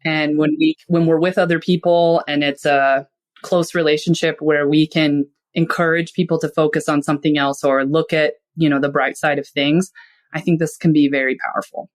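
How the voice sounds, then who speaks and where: A woman's voice: low-pitched, flat delivery, normal speed. A woman speaking as a podcast guest, explaining ideas in a casual, conversational way and acting out small everyday examples. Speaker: podcast guest, finance and psychology expert.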